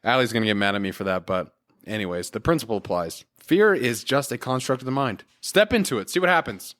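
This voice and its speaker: A man's voice: medium pitch, expressive, fairly quick, a bit bright. Earnest man hosting a motivational podcast. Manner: earnest, encouraging, casual with fillers. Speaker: podcast host. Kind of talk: solo motivational podcast talk.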